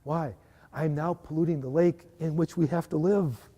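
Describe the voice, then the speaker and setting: A man giving a lively live workshop talk to a parish group, often asking the audience to agree. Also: fairly high pitch, moderate pace. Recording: live hall recording with long reverb.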